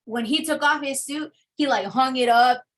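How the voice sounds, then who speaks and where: A young adult woman telling her personal testimony in an interview, in a casual, animated storytelling manner. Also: high-pitched, moderate pace. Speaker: interview guest.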